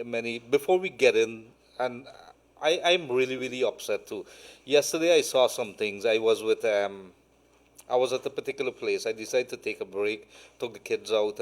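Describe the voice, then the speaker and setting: A talk show host with a fairly low voice. He meanders through his thoughts, often stalling on fillers and restarting his sentences. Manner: rambling, hesitant with many fillers. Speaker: host, senior journalist.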